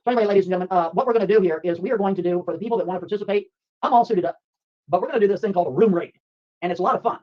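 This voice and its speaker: A man hosting a livestream, chatting rapidly and upbeat with frequent laughs. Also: high-pitched, muffled recording. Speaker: livestream host. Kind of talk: excited livestream chat. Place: home streaming room.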